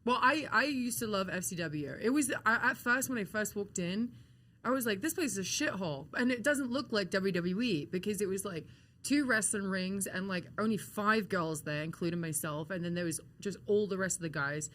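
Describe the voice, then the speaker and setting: A woman with an English accent, an interview guest telling animated, laughing stories with frequent swearing. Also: mid-range voice, normal speed. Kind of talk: casual storytelling interview. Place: hotel-side event venue in Las Vegas.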